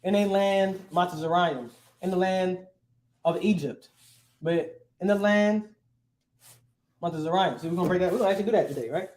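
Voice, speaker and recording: A man's voice: high voice, normal speed, a little mellow. A man teaching a class in a casual, conversational way, often checking in with the students. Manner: casual, keeps checking with "right?". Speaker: language teacher.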